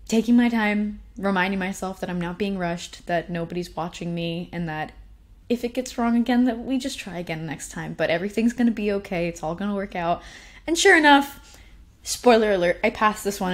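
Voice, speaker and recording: A young woman shares a story from her own life in relaxed, spoken storytelling. Her voice sits a little low, and she talks with animated, self-deprecating humor, often breaking into laughs. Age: young adult. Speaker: speaker sharing personal stories. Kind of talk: casual storytelling talk.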